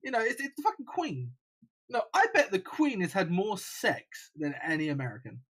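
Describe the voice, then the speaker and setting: A man's voice: high-pitched, wildly swooping pitch, normal speed, a bit bright, slightly rough. Crude man swearing freely. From United Kingdom. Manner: crude, swears a lot, mock outbursts. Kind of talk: casual gaming podcast chat.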